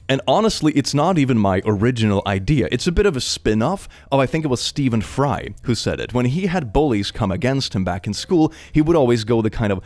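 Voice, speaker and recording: A man's voice: mid-range voice, brisk, few pauses. A young man reading online stories aloud and adding joking, casual commentary. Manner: animated, joking. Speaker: online story reader and commentator.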